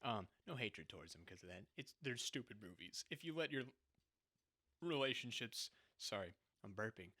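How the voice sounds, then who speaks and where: A man's voice: on the low side, animated, moderate pace, sharp tone. A young man co-hosting a podcast, talking casually and sarcastically, often breaking into laughter as he mocks what he describes. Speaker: podcast co-host. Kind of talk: casual chat.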